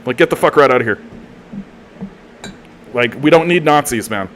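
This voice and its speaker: Man, Canadian accent, heated profane rant, mocking, mid-pitched voice, faint air-conditioner hum. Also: expressive, normal speed, a bit bright. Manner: profane, heated, mocking, lots of filler and repeats. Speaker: political commentary streamer. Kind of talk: live-streamed political rant.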